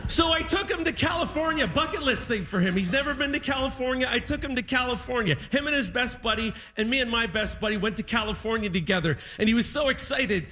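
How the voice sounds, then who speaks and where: A man's voice: very high-pitched, fast, few pauses, a little hiss or hum. A Canadian man doing stand-up, telling a family story and acting out his relatives' voices. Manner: animated, acts out family members' voices. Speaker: stand-up comedian.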